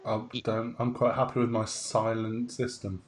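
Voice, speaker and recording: A man's voice: lowish voice, completely flat delivery, normal speed, slight background noise. A man, co-hosting a casual podcast chat and speaking bluntly, with swearing. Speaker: co-host.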